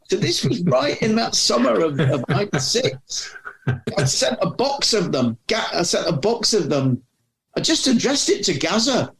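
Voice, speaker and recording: A middle-aged man with a gravelly, slightly raised voice spins long anecdotes in casual conversation. He restarts sentences and doubles back as he goes. His stories ramble at an easy chat pace. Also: sits high, big pitch swings, normal speed, a bit bright. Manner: rambling storyteller with frequent restarts. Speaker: podcast guest, former magazine editor.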